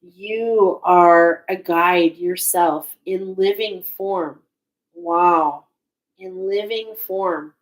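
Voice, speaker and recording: Woman, oracle card reader, low voice, very slow, searching, emotional, restarts. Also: rough recording. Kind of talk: spiritual card reading.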